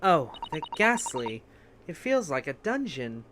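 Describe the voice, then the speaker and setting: A man voicing a polite young Japanese woman who works as a legal assistant, speaking softly and properly, with game music behind. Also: on the high side, very animated, unhurried, background noise. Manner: soft, courteous, proper.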